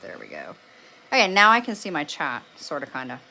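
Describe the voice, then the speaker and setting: Rambling, profane woman with a lowish voice. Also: huge pitch swings, brisk, pushed and bright. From Canada. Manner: rambling and profane, with many fillers. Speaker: paranormal livestreamer. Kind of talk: casual livestream chat. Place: room at home lit by candles.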